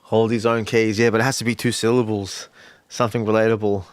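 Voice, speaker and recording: A man's voice: fairly low pitch, flat delivery, a little fast, clean tone, no room sound. A man hosting a casual livestream who brainstorms rap lyrics aloud, muttering and repeating lines as he works them out. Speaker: livestream host and rapper.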